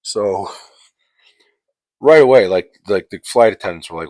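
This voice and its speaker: Casting: low-voiced guy, casual profane storyteller, close dry mic. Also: lively intonation, measured pace, darkish tone, no room sound. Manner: profane, exasperated, rambling with many fillers. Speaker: podcast host.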